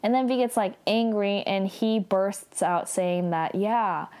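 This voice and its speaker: A woman's voice: medium pitch, measured pace, mellow, clean tone. Young woman, casual drama recap host, talkative and informal, sprinkles "like" everywhere. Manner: chatty, heavy use of "like", acts out quotes with laughs.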